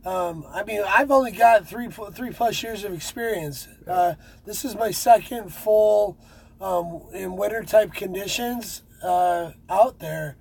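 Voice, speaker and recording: A man's voice: sits high, measured pace, vocal fry, husky, poor audio. A man who drives trucks, chatting casually and rambling with many fillers and restarts. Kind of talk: casual chat.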